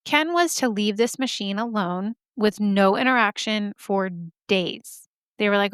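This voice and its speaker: A woman's voice: medium pitch, measured pace, clear, resonant tone, no room sound, studio quality. A woman hosting a podcast, telling a story casually with joking asides and lots of "like". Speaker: podcast host.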